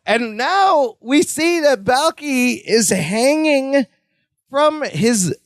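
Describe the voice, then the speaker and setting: A man with a high-pitched voice co-hosts a podcast, retelling a sitcom scene in an animated way and jumping into the characters' lines. The recording is dry and close, with no room sound. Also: drawn-out words, no echo. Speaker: podcast co-host. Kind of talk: casual chat recapping a sitcom episode.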